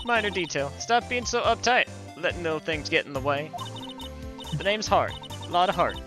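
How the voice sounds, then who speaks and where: A man's voice: on the high side, lively intonation, moderate pace, natural voice. A man voicing a brash, pushy woman photographer with a put-on Southern US drawl in a video game. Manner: loud, bossy drawl. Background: game music.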